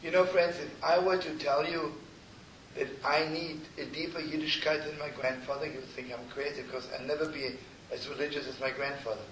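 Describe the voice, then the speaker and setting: Older rabbi, hushed roomy live sermon. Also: male voice, a little high, little pitch movement, fairly quick. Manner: intimate, repeats phrases, often drops to a hushed near-whisper. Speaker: rabbi and teacher. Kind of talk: storytelling sermon to a live gathering. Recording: roomy distant live recording with noise.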